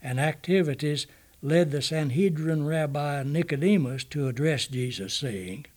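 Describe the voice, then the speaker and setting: A man reading a Bible study text aloud in a measured, deliberate way, pausing to cite chapter and verse. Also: fairly high pitch, darkish tone.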